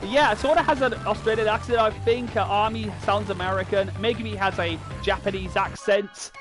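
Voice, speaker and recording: A man's voice: high voice, steady tone, normal speed. Young guy streaming a kart racer, rambly chat to viewers, game music blasting underneath. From United Kingdom. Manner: rambling, stop-start, talks straight to his viewers. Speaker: gaming streamer. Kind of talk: live gameplay commentary. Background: loud racing game music.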